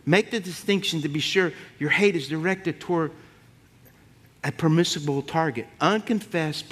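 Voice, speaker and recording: High-voiced preaching man. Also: a bit bright, slightly rough. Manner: punchy, rhyming lines and audience call-outs. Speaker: pastor. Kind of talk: sermon.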